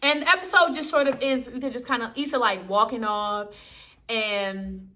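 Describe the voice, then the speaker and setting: Bright, high-voiced chatty young woman. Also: steady tone, normal speed. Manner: chatty, slangy, talks straight to viewers. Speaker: TV episode reviewer. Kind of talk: casual chat to camera.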